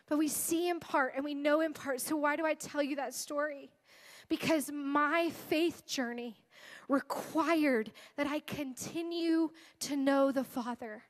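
A woman's voice: high-pitched, measured pace. A woman in her thirties giving an earnest, emotional testimony as a guest speaker in a sermon. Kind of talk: sermon storytelling.

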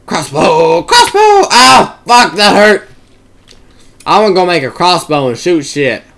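A young man rambling through casual gameplay commentary, swearing and breaking into excited shouts. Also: high-pitched, unhurried, gravelly. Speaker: gamer.

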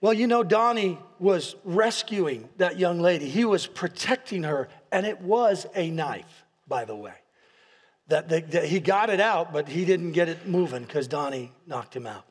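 A pastor preaching a sermon in a large church hall, telling stories with restarts and repeated words and building to impassioned peaks. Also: male voice, fairly high pitch, lively intonation, unhurried, slightly rough. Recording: long hall reverb.

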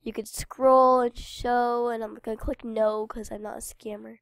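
A woman with a head cold, her nose stuffed up, rambling cheerfully through a game for her viewers. Her voice sits fairly high with a gravelly fry at the ends of phrases. The sound is dry and close, with no room around it. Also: little pitch movement, a little slow, dry recording. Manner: chatty, rambling, talks to viewers. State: congested with a cold. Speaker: game channel host. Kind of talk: casual gameplay commentary.

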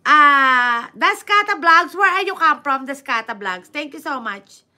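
A woman with a Filipino accent hosting a casual livestream, reading viewer comments aloud and answering them in halting English mixed with Tagalog, with many fillers. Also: high-pitched, lively intonation, sharp tone. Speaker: livestream host.

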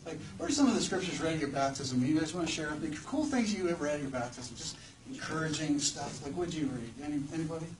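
A man's voice: a little high, expressive, fast talker. A man preaching a sermon to a live audience in a church hall, conversational and joking, often putting questions to the listeners. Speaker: preacher at a campus ministry gathering. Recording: distant mic with faint background noise.

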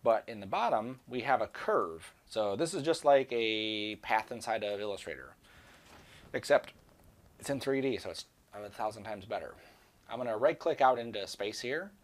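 A man giving a screen-recorded software tutorial, talking casually and rambling to himself as he works. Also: fairly low pitch, expressive, moderate pace. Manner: casual, rambling, talks to himself while working. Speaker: 3D software instructor.

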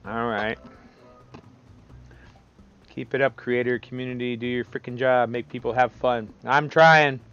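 Man, gameplay streamer, profane, exasperated, gravelly, slightly muffled recording. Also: medium pitch, steady tone, a little slow, long pauses, fairly bright tone, faint music behind. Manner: profane, exasperated, talks to the game. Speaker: let's play streamer. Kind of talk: casual gameplay commentary.

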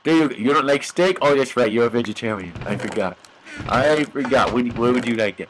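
A man's voice: mid-range voice, a little fast, a little hiss or hum, low-quality recording. A young man giving goofy, mock-dramatic commentary over his own gameplay, talking to the animals on screen.

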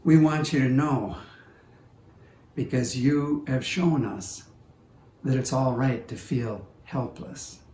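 A man's voice: medium pitch, a little mellow. A man preaching a sermon as pastor, telling a story unhurriedly and voicing the people in it. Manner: unhurried storytelling with quoted voices. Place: church service recording. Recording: roomy echo with faint background noise.

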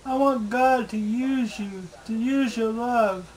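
A man recording a video diary at home on a camera mic, pleading and repeating himself in halting, emotional speech. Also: extremely high pitch, darkish tone, poor audio. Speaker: video blogger.

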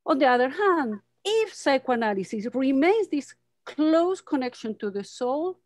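A woman psychoanalyst giving an academic lecture over a video call, reading from a script in an earnest, measured way and stressing key words. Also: high voice, very animated, a little mellow, dry recording, studio quality.

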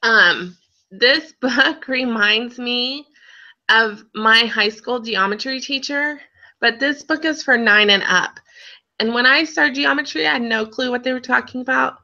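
A woman's voice: fairly high pitch, unhurried, sharp tone, dull audio. A woman chatting lightheartedly over a video call while presenting a children's workbook. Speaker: book seller co-presenter. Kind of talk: casual book showcase.

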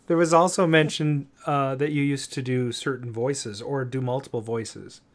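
Casual interviewer man, halting questions. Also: medium pitch, fairly even intonation. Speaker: podcast host.

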